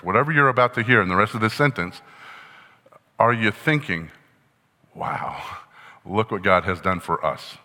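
A man preaches a sermon in a casual, teaching way, his voice bright and a touch low. He keeps putting questions to the congregation as he walks through the text. A long reverb trails behind him in the hall. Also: moderate pace, long pauses. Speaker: pastor.

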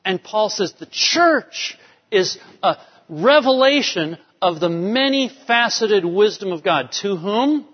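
A man's voice: sits high, animated, takes it slowly. A man preaching a sermon, emphatic, driving home key phrases by repeating them. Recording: dull lo-fi sound with long hall reverb.

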